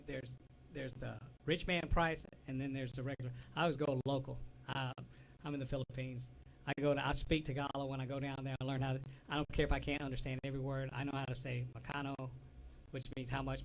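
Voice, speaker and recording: In a rough recording with a little hiss or hum, a Southern US co-host with a medium-pitched voice chats casually on a talk show. He tells rambling stories, laughs readily and tends to drift off mid-sentence.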